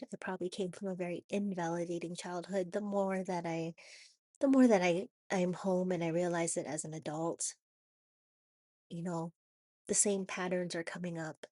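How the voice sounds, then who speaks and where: Raspy-voiced woman sharing a confessional vlog. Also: lowish voice, dark tone, no room sound, studio quality. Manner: halting, repeats and restarts, many "you know"s. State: hoarse from a cold. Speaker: vlogger.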